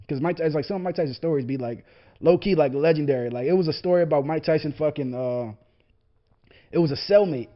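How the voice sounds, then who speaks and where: A young man hosting a podcast, ranting casually about sports with heavy swearing, rambling tangents and frequent laughter. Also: on the high side. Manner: profane, rambling, laughing often. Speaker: podcast host. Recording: lo-fi dull podcast audio.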